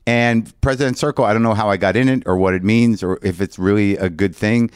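A man's voice: on the low side, brisk, darkish tone, smooth, no room sound, studio quality. An older man doing stand-up, telling a long story in a ranting, self-mocking way and acting out both sides of the conversation. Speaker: comedian.

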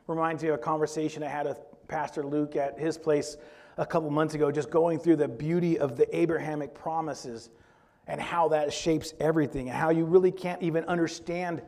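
A man's voice: on the high side, darkish tone. A man preaching a sermon in a conversational way, often asking the congregation questions. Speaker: pastor.

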